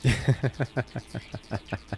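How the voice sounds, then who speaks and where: A man's voice: mid-range voice, steady tone, drawn-out words, creaky, a little mellow. An American man with an urban accent, streaming a game and chatting playfully with his viewers. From United States. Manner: playful, joking with chat. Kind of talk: casual livestream chat while playing.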